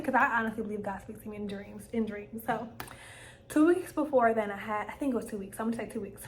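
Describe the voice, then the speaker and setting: A young woman vlogger tells a personal story to camera, casual and animated, acting out her own quoted lines. Her voice is mid-range and quick.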